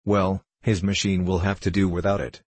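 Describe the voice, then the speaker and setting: A man voicing a stubborn, skeptical gentleman hunter in a storybook reading, speaking in a gruff, blunt and dismissive way. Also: deep voice, level tone, moderate pace, dry recording.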